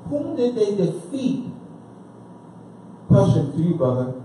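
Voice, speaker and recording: A man's voice: high voice, sing-song, slow, mellow, a little hiss or hum. A man giving an informal history lecture who questions his listeners and repeats points for emphasis. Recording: echoey room, speaker far from the mic.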